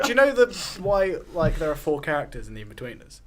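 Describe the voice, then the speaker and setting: Guy on a podcast, bouncy lively voice, loves dropping film trivia. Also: fairly high pitch, fast, crowd noise. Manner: lively storyteller, shares trivia. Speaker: podcast co-host. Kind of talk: casual film chat.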